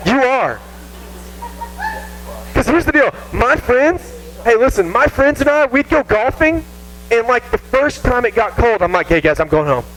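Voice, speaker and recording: A man with a Southern American accent preaching a casual, animated sermon to a youth group, poking fun at himself. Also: very high voice, a little slow, long pauses, a little hiss or hum, rough recording. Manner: animated, self-mocking, acts out whiny voices. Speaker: youth pastor. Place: church youth room.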